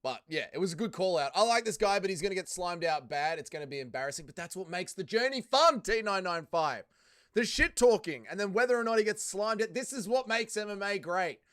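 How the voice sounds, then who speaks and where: A man's voice: high-pitched, fairly bright tone, clear, resonant tone. A young Australian man hosting a casual fight watch-along stream, joking, swearing and answering chat. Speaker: livestream host.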